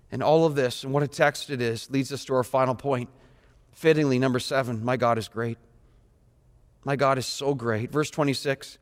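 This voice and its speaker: Pastor, male, higher voice, dramatic preacher from hush to shout, long hall reverb. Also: a little fast. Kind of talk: sermon.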